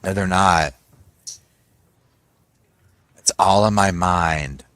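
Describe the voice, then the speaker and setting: Talking very slowly in a low, slightly bright voice, a man runs a laid-back live stream from his home. He comments alongside chat, mimics people with silly voices to mock them and happily welcomes viewers by name, with no echo in the audio.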